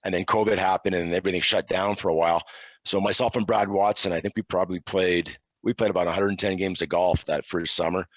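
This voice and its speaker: A middle-aged man from Quebec, a podcast guest telling casual, self-deprecating stories in a relaxed way. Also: deep voice, fast, no echo. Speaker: interview guest, hockey officiating analyst. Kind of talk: casual storytelling.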